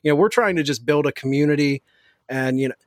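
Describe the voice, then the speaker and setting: A man's voice: fairly high pitch, quick pace, dry recording, clean studio sound. Easygoing man guesting on a podcast. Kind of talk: casual podcast chat.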